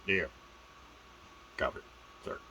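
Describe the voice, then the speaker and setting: A man's voice: slow, bright, forceful tone, a little hiss or hum, low-quality recording. A man vlogging casually about doing voices, rambling and playful with fumbling restarts.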